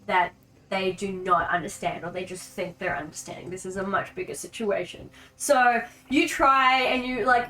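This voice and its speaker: An Australian woman narrating a tabletop game as game master, animated and often laughing. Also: mid-range voice, normal speed.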